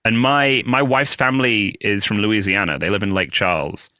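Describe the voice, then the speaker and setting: A British man from the UK, a guest comedian telling animated stories in a casual podcast chat and acting out other people's voices. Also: on the low side, normal speed, no room sound. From United Kingdom. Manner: animated storyteller who acts out quoted voices.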